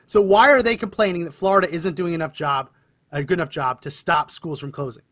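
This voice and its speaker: A man hosting a talk show, speaking in a brisk, emphatic way as he explains points and introduces clips. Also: on the high side, a bit bright, no echo. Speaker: host.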